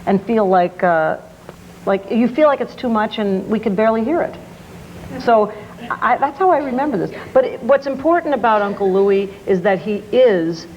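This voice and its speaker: A woman film director chatting in an interview, laughing often and telling stories quickly with restarts. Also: medium pitch, a little mellow, highs cut off, slight background noise. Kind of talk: casual interview chat.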